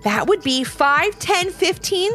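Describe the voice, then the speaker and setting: A woman reading a children's storybook, voicing a bold, eager young girl who talks high and excited. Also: takes it slowly, soft background music, full character voice.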